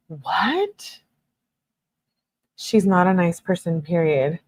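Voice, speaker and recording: A true crime commentator with a lowish voice reads a couple's text messages aloud, a little slowly. She keeps breaking in with sarcastic, exasperated remarks.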